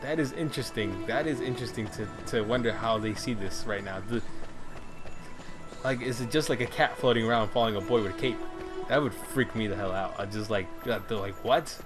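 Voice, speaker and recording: A man's voice: on the low side, steady tone, brisk. A man giving rambling, casual commentary while playing a video game, musing aloud. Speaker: gameplay commentator. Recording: loud game music behind.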